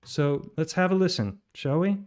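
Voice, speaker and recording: A man with a voice sitting a touch high, hosting a commentary of his own. He rambles, pausing on fillers and restarting his sentences as he goes. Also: lively intonation, darkish tone. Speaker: channel host. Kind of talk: commentary on played voice messages.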